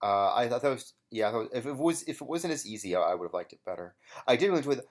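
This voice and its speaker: Rambling young man with a lively pitch. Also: fast talker. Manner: rambling, hesitant, many fillers and restarts. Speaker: former contestant giving episode commentary. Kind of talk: casual solo commentary.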